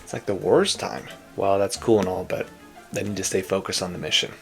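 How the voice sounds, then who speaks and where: A man's voice: low-pitched, fairly even intonation, a little fast, gravelly, faint music behind. A man casually reacting to a fantasy romance novel he is reading, joking and laughing a lot. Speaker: book reviewer, reader.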